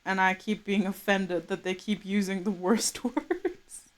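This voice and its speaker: A woman's voice: mid-range voice, a little slow. A woman streaming live, chatting casually and laughing often while she mutters to herself over her drawing. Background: soft game music.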